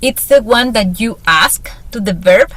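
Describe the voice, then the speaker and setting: This Spanish teacher guides a single student through grammar one step at a time, staying patient, encouraging, and upbeat. She speaks with a medium-pitched, fairly bright voice, lively intonation, and an unhurried pace.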